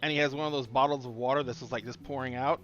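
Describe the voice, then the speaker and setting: Halting game master, lo-fi audio. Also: male voice, medium pitch, steady tone, a bit bright, soft background music. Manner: halting, restarts mid-sentence while describing scenes. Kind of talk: narrating a tabletop game.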